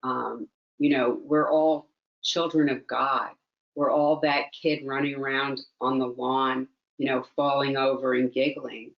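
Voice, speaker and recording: A woman's voice: extremely low pitch, level tone, unhurried, muffled recording. A woman mindfulness teacher, a guest in a conversational interview, speaking earnestly and reflectively and repeating phrases for emphasis.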